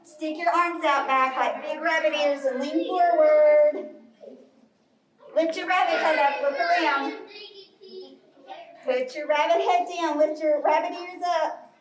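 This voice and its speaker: A high-voiced woman talks slowly and gently, guiding children through storytime yoga poses. She sounds distant in an echoey library room, with a faint hiss underneath. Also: steady tone. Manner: slow, bright, encouraging instructions. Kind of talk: live storytime yoga class for kids. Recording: roomy, distant, faint noise.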